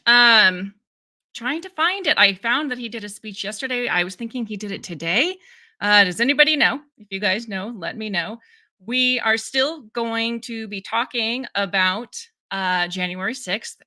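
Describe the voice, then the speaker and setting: Chatty woman live-stream host, bright voice. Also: on the high side. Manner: chatty, greets viewers by name, talks to audience. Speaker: livestream host. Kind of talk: casual live-stream chat.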